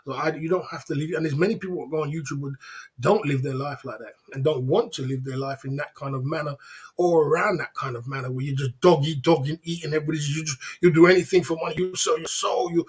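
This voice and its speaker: A man's voice: on the high side, fairly even intonation, fast talker, husky. A man hosting a casual livestream, talking in a preachy, repetitive way full of rhetorical questions. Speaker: livestream host.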